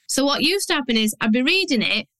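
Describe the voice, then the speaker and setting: A woman's voice: high-pitched, lively intonation, fast, pushed and bright, dry recording, low-quality recording. A woman with a Yorkshire accent, a business coach hosting her own podcast in a blunt, down-to-earth, chatty manner. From Yorkshire, England. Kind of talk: solo podcast monologue.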